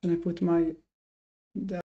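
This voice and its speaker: A man's voice: on the high side, level tone, a little slow. A man streaming his live day trading and talking to his chat, frustrated and self-critical, thinking aloud with many restarts. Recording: dull lo-fi sound.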